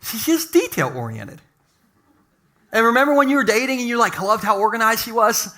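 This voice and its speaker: Jokey male pastor, high and bright, chatty sermon delivery. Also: big pitch swings, fairly quick. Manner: playful, jokey, conversational preaching. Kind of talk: humorous sermon. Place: church sanctuary.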